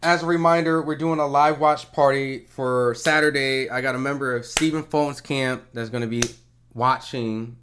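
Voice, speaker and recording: A man's voice: mid-range voice, fairly even intonation, moderate pace, noisy background. A man hosting a live commentary stream, talking loosely and casually, with some swearing.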